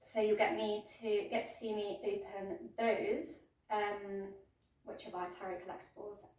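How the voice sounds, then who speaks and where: A woman's voice: mid-range voice, little pitch movement, a little slow, darkish tone, slight background noise. Woman, yoga teacher, casual rambling talk, lots of ums, heavy room echo, distant mic. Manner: chatty, rambling, many ums and restarts. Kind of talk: casual yoga class intro and instruction. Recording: echoey room, voice from far off.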